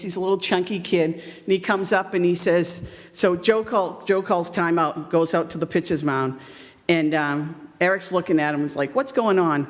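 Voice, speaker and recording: A woman in her fifties, a youth baseball coach, giving a chatty, self-deprecating storytelling speech full of ums. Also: fairly low pitch. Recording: long hall reverb.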